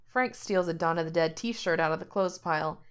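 A woman's voice: fairly low pitch, normal speed, clean tone. Woman reading a story aloud. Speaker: reader. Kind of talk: reading fan fiction aloud.

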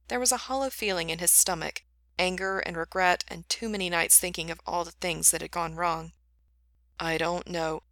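A woman narrating a story in an even, steady reading voice. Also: on the low side, no echo, studio quality.

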